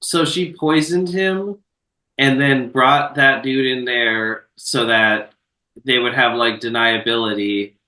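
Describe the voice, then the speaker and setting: A man co-hosting a podcast recaps a film in a loose, profane storytelling style. His voice is bright and forward. He sits a little back from the mic, and the room around him is echoey. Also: medium pitch, steady tone, takes it slowly, far from the mic. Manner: laid-back, profane storytelling with filler words. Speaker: podcast co-host. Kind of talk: casual chat recapping a film.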